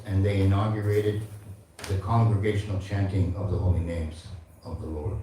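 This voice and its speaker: Man in his seventies, devotional teacher, low mellow voice, heavy hall echo, faint background hiss. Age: 70s. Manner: recites Sanskrit verses and teaches with asides to the audience. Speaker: temple speaker. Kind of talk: devotional class. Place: large echoey temple hall. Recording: echoey hall from far off.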